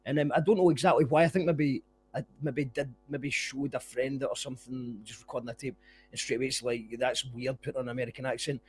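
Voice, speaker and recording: A man's voice: mid-range voice, steady tone, a little fast, a little mellow, slight background noise. A Scottish man hosting a podcast, chatting casually with his guest and laughing easily. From Scotland. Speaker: podcast host. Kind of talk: casual chat.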